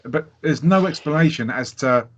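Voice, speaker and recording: A man's voice: fairly high pitch, moderate pace. Guy ranting about a bad movie, laughs a lot, dull lo-fi mic. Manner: animated, laughing, swears freely. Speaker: podcast co-host. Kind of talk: casual film review chat. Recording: dull lo-fi sound.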